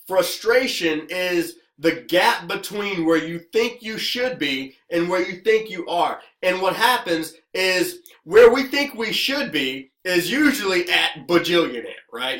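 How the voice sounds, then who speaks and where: A man who works as a business coach, giving an energetic motivational talk to the camera and checking in with "okay?" again and again. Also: high-pitched, measured pace, hardly any pauses, roomy sound. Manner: energetic, repetitive, keeps asking "okay?".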